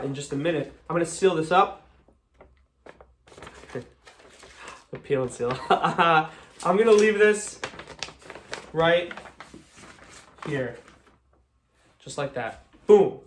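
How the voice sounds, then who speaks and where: American male magician, young, slightly high voice, jokey and chatty patter. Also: a little hiss or hum. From United States. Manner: chatty, joking, self-deprecating. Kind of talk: live magic show patter.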